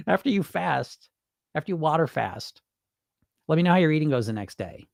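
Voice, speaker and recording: This clip features a man with a fairly high voice, moderate pace, and some vocal fry, pausing often in a dry, studio-quality recording. During a casual weight loss live stream, he reads comments and responds bluntly, cursing freely. He animatedly acts out what dieters tell themselves.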